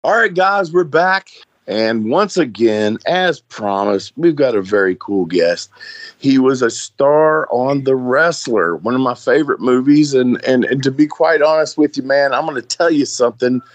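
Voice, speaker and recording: A man's voice: mid-range voice, lively intonation, normal speed, no echo. A middle-aged man hosting a podcast, talking in an earnest, emphatic way and often repeating himself. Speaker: host. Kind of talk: casual podcast chat.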